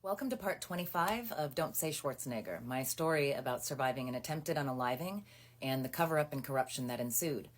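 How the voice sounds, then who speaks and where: A woman in her thirties, low and deep-voiced, tells a personal story directly into her phone camera, a little fast. Animated and indignant, she piles on fillers and asides in a casual storytime recap. The sound is close and intimate, from a small indoor room.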